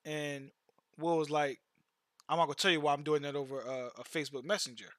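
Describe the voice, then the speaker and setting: Bright-voiced man telling stories slangily. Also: a little high, steady tone, a little fast, no echo, clean studio sound. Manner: loose slangy storytelling, repeats words. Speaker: streamer. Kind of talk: casual chat.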